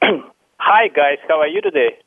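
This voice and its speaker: A man calling in to a radio show, asking his question haltingly. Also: on the high side. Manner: hesitant, halting. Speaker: caller. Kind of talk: call-in question. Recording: tinny phone line.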